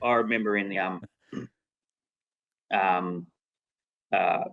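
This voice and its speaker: Man, Australian accent, low voice, casual storytelling, lots of restarts. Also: fairly even intonation, slow pace, creaky, fairly bright tone, dull audio. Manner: rambling with restarts, laughing at his own story. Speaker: podcast guest, former cricketer.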